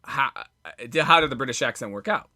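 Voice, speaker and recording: A man co-hosting a casual comedy podcast, telling a rambling story with halting restarts. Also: mid-range voice, animated, bright, forceful tone, dry recording. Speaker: podcast co-host.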